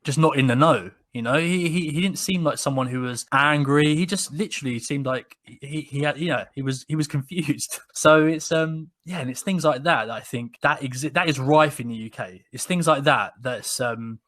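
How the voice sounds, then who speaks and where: A man, co-hosting a podcast and telling stories in casual chat, with frequent restarts and animated retelling. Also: a little high, normal speed, few pauses. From England. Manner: rambling, many restarts, animated when quoting people. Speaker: podcast co-host. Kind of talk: casual conversational storytelling.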